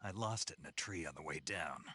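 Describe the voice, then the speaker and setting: An actor playing a gruff male special forces soldier in a video game, speaking in a husky voice with dry, terse replies. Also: rumbling low, brisk, pushed and bright, full character voice. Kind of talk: video game cutscene dialogue.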